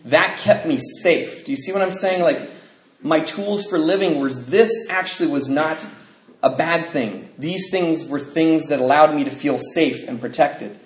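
A man's voice: fairly high pitch, unhurried, reverberant, rough recording. A man sharing a personal testimony, telling the story of his life candidly, with fillers and nervous laughs.

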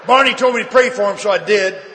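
Bright-voiced man telling his story in an echoey hall. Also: sits high, fast, a little hiss or hum. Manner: lively storyteller who acts out the dialogue. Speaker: speaker sharing his recovery story. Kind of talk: personal testimony at a recovery meeting.

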